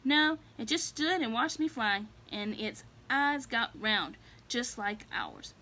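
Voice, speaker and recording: A woman's voice: on the high side, sing-song, slow pace, sharp tone, exaggerated voice. A woman voicing Harriet, a small, curious young female cat with wings, who talks in an eager, dreamy way.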